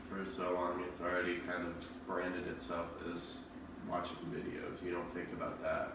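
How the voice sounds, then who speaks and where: A man's voice: low-pitched, completely flat delivery, moderate pace, very noisy. A young man in a focus group, explaining his view and laughing along. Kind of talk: casual discussion. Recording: distant, echoey room mic.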